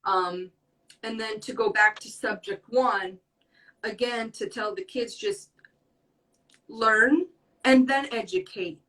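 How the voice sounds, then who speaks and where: A woman's voice: fairly high pitch, slow, long pauses, sharp tone, recorded from a distance, low-quality recording. A young woman speaking earnestly as a podcast guest in casual talk, rambling with many fillers. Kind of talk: casual conversation.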